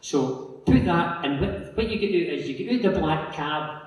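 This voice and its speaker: A man's voice: a little high, animated, moderate pace. A man with a Scottish accent giving a chatty, rambling conference talk, telling a story and acting out the other people's lines. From Scotland. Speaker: local councillor giving a talk. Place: large conference hall. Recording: echoey hall from far off.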